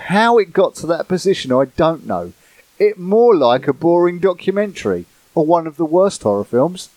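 Lively, sweary man. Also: a little high, moderate pace, dry recording. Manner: sweary, laughing, mocking. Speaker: podcast co-host. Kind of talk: casual chat reading out reviews.

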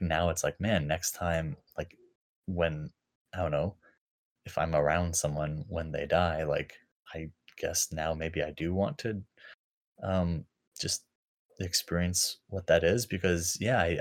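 A man with a very deep, low voice talks through a personal memory in a loose, unscripted way. He circles back, restarts sentences and leans on lots of filler words as he thinks aloud. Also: steady tone. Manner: halting, full of fillers and restarts. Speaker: podcast co-host. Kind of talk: casual reflective chat.

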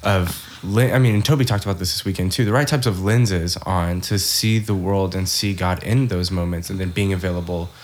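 Male podcast host, very deep voice, reflective and thinking aloud. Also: fairly even intonation, a little fast, few pauses. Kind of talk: podcast interview.

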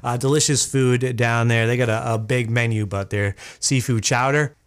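A male morning radio co-host tells a story in casual, self-mocking banter. His pitch sits in a middle range. He keeps the delivery lively and relaxed. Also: moderate pace, smooth. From Massachusetts.

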